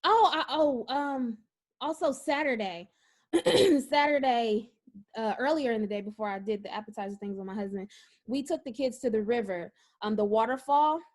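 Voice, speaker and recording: A woman co-hosting a casual podcast, telling stories in an animated way and often laughing. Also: a little high, normal speed. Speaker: podcast co-host. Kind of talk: casual chat.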